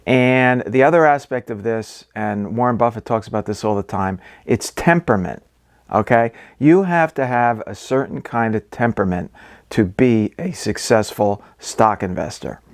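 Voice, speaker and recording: A man's voice: lowish voice, moderate pace, no echo. Man, investing channel host, conversational, lots of ums and okays, dry close sound. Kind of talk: casual explainer talk.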